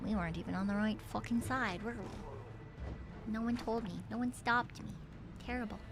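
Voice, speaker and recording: A woman's voice: mid-range voice, moderate pace, over music. A woman VTuber streaming a game, chattering to herself in a giggly, rambling way and swearing freely. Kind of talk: casual gaming livestream chatter.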